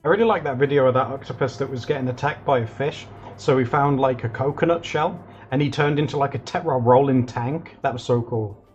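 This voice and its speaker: A man streaming live while drawing, chatting excitably and rambling with lots of fillers in a slightly husky voice. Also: mid-range voice, a little fast, muffled recording, soft background music.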